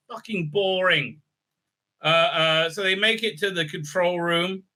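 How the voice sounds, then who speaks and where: A man's voice: sits high, unhurried, bright, forceful tone. A man giving a sarcastic, profane recap review full of fillers and restarts. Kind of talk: casual ranting recap.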